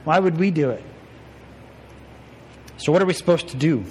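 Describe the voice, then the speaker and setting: Young male pastor, casual preaching with rhetorical questions, voice a touch high, long hall reverb. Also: normal speed, a little mellow, a little hiss or hum. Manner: conversational preaching, rhetorical questions, self-deprecating asides. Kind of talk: sermon.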